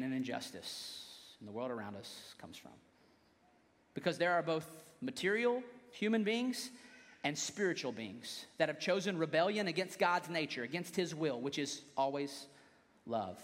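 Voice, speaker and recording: A young man with a high voice preaches to his congregation in an easy, conversational manner. He breaks off now and then to joke with the listeners. His voice rings out with a long reverb through a church hall. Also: fairly bright tone. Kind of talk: sermon.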